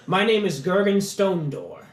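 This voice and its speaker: Casting: a man doing a jittery, polite dwarf petitioner, halting and stumbling, echoey room. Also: sits high, very animated, pitched above the performer's own voice, full character voice. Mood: nervous pleading. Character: nervous stammering male dwarf petitioner.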